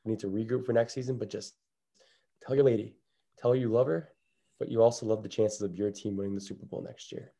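Gravelly-voiced joking podcast co-host man. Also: on the low side, fairly even intonation, fast. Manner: jokey, rambling, drops to a hush. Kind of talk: casual sports podcast banter.

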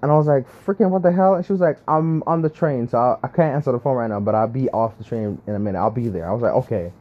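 A young man telling a casual, exasperated story about his week, often laughing, with lively swings in his voice. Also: mid-range voice, fast, lo-fi sound. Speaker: vlogger.

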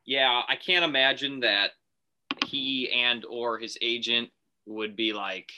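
A man co-hosting a casual sports talk show, telling a made-up phone call with animated put-on voices. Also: mid-range voice, slow pace, noisy background. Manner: animated storyteller, acts out phone calls. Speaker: podcast co-host.

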